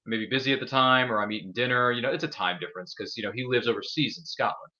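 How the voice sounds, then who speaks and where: A man hosting a casual podcast chat about movies, excitable and gushing, talking in quick bursts. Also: medium pitch, dull audio. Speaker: podcast host.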